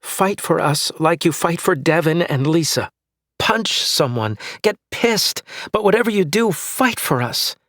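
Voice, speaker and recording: A male narrator voicing a frustrated, emotional wife who pleads and accuses, his voice lifted higher and louder. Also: animated, moderate pace, no echo, studio quality. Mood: pleading. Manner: pleading and accusing, rising in pitch when upset.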